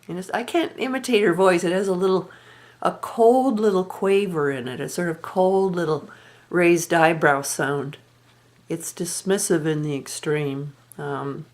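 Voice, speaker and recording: A woman telling a personal story in a candid, rueful and reflective way, sighing now and then. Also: on the low side. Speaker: vlogger.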